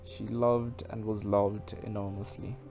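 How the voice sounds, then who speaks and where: Man voicing a bitter grieving sister, low voice, cold, scornful, faint music. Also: level tone, unhurried, a little mellow. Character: bitter woman defending her dead sister. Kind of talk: reading game dialogue aloud.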